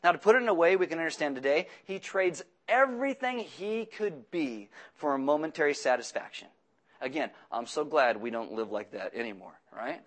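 A man preaching a sermon, his voice sitting a little higher than most men's. He is animated and playful, breaking from the scripture reading into joking asides. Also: a little fast. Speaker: pastor.

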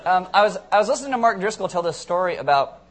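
A young man preaching a sermon, animated and joking as he tells the story, with sudden loud shouts. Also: high-pitched, rapid-fire. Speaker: pastor.

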